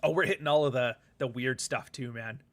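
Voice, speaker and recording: A man's voice: medium pitch, brisk, fairly bright tone. A man hosts a loose, rambling livestream chat with a mid-range voice. He swears freely and drifts between topics, breaking into laughter and reading out viewer comments as he goes. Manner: rambling and profane, with frequent laughs; reads viewer comments aloud. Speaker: author and livestream host.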